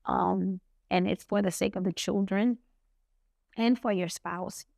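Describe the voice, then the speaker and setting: A middle-aged woman co-hosting a podcast, speaking earnestly and reflectively with pauses. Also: mid-range voice, fairly even intonation, vocal fry, a little mellow, no room sound, clean studio sound. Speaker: podcast co-host. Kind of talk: heartfelt podcast talk.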